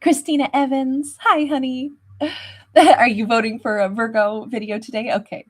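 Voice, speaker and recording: A woman's voice: a little high, steady tone, normal speed. Chatty woman hosting a live stream. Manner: warm, chatty, laughs often, calls viewers babe and sweetheart. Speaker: tarot reader and channel host. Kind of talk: live stream chat, greeting viewers by name.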